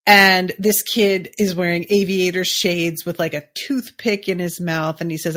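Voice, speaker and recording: Slow-talking woman recapping a show. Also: lowish voice, steady tone, fairly bright tone. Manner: chatty, musing, full of "like" asides. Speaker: podcast host. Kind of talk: casual episode recap.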